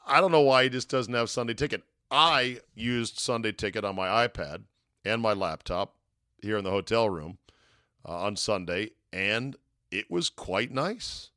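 A man's voice: mid-range voice, pushed and bright, no echo, studio quality. A man hosting a sports talk podcast, giving a casual monologue with wry, sarcastic asides from a hotel room.

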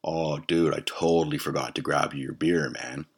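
A man's voice: extremely low pitch, steady tone, normal speed, vocal fry, breathy edge, exaggerated voice. A man voicing his careless, dismissive stoner buddy in a retold story. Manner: shrugging, dismissive, profane. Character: careless stoner male buddy, young adult.

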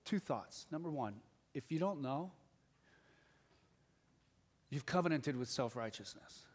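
A man's voice: a little high, animated, measured pace, a little mellow. A male pastor preaching a sermon, earnest and building to urgent exhortation. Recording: long hall reverb.

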